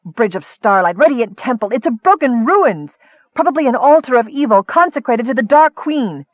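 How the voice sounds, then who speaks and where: A fierce young woman warrior snaps out her words loud and indignant, as a male audiobook narrator puts her on. Her voice is pitched up and forceful. The sound is dry and slightly lo-fi. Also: lively intonation, normal speed, no echo. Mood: accusing.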